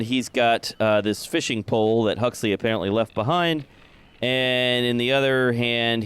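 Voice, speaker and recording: Brief: male game master, smooth resonant voice, halting narration, mid pitch. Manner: halting, many filler sounds.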